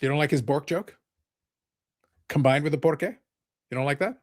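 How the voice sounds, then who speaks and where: A man's voice: on the high side, big pitch swings, moderate pace, long pauses. A man hosting a live podcast, talking casually in a rambling, sarcastic, joking way. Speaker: podcast host.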